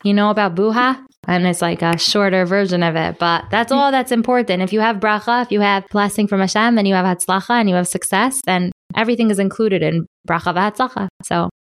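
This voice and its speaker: A woman's voice: medium pitch, brisk, hardly any pauses. A young adult woman hosting a panel interview with children, enthusiastic and encouraging, often dropping Yiddish and Hebrew words.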